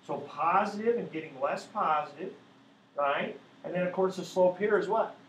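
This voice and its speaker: A high-pitched man at normal speed teaches math patiently, one step at a time, often asking students "right?" to check in. The lo-fi recording captures an echoey classroom with faint background noise.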